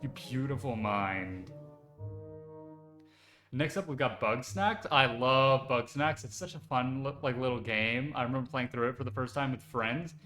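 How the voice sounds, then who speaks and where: A man streaming live, chatting casually and excitedly, rambling with lots of fillers. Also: mid-range voice, unhurried. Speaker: VTuber streamer. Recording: echoey room with faint music behind.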